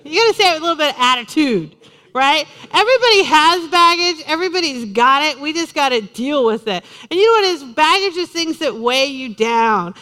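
A woman pastor preaching a sermon to her congregation in a lively, conversational way, joking with them as she goes. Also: high voice. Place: church in front of a congregation.

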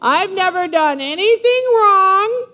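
A woman's voice: extremely high pitch, animated, slow, pushed and bright, voice pushed up, heavily acted. A woman preacher voicing a whiny, resentful older brother who complains he never got his reward. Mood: whining. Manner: whining, self-pitying. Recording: long reverb of a large hall.

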